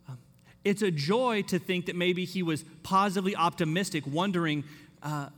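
Male pastor with a somewhat high voice, casual sermon delivery that slips into quoted voices, long reverb in a church hall. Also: normal speed, fairly bright tone. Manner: conversational, acts out quoted voices.

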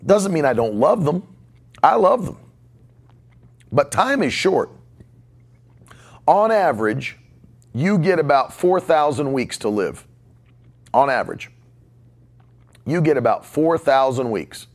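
A man's voice: on the high side, big pitch swings, slow pace, pauses often. A man in his forties preaching a podcast sermon, emphatic and fond of repeating short punchy lines. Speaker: pastor.

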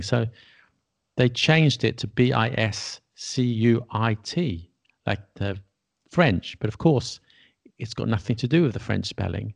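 Man, British accent, gravelly voice, casual educational chat, explains and spells words out. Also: medium pitch, sing-song, unhurried. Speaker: podcast co-host explaining spelling.

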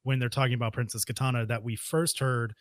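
A man's voice: medium pitch, flat delivery, fast talker, no echo. A man in casual podcast chat, thinking aloud about a film with many restarts. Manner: thoughtful, hesitant, with many restarts and "like". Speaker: podcast co-host. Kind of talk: casual movie commentary chat.

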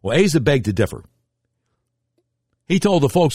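A man's voice: very animated, moderate pace, husky, no room sound, clean studio sound. A middle-aged man hosting a radio talk show, delivering a political commentary monologue in an emphatic, indignant way. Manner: emphatic, indignant storytelling with sharp pitch swings.

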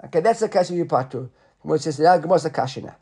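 A man's voice: a little high, lively intonation, very fast, dark tone, slightly rough. A man teaching a Talmud class, explaining step by step and checking in with his listeners.

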